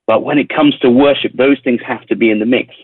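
A man from England with a London accent, a worship leader speaking in a radio interview, reflective and pausing with ums and repeated words. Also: mid-range voice, fairly even intonation, breathy edge, no room sound, phone-quality sound. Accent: London English. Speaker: worship leader and recording artist.

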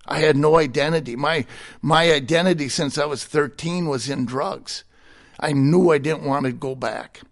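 A man's voice: on the high side, moderate pace. A middle-aged man giving a personal testimony in conversation, candid and plainspoken, with a chuckle between stories. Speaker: guest sharing his testimony.

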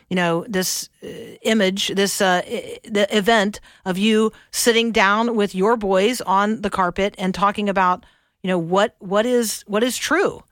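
A woman's voice: medium pitch, a bit bright, no room sound, studio quality. A woman hosting a Christian radio talk show, speaking in an earnest, thoughtful way with some hesitant fillers. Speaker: radio host.

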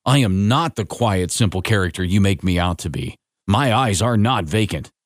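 A man voicing a watchful, protective young father, speaking firmly and deliberately in a storybook reading. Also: on the low side, lively intonation, no echo, studio quality, close to an everyday voice. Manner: firm, deliberate, slow.

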